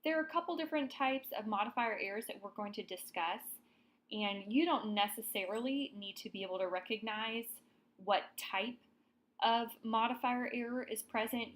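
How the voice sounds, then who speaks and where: A woman's voice: mid-range voice, moderate pace, fairly bright tone, poor audio. Casual woman teaching grammar. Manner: friendly, checks in with students, casual fillers. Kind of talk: grammar lesson explanation.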